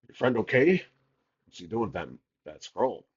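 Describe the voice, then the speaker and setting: A man's voice: fairly low pitch, big pitch swings, moderate pace, slightly rough, lo-fi sound. A man voicing a suspicious, blunt male guard captain with a Southern accent, talking in a drawling, menacing way. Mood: probing. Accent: American Southern.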